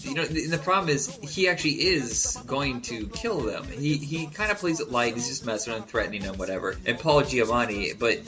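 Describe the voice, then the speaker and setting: A man co-hosting a casual movie podcast, animated and quick to laugh. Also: mid-range voice, over music. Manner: animated, laughs often, does impressions. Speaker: podcast co-host.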